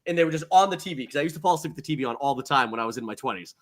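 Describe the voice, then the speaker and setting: A man co-hosting a comedy podcast, telling animated stories full of swearing and acted-out quotes. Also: mid-range voice, racing. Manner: animated storyteller, swears a lot, acts out quotes. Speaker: podcast co-host. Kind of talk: casual comedic chat.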